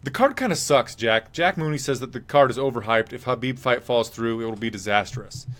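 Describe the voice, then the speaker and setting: A man hosting a live MMA podcast, speaking in a loose, rambling way. He reads viewer comments out and gives blunt, offhand opinions. His voice sits at an ordinary middle pitch. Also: brisk, a bit bright. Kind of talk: casual live-stream fight talk.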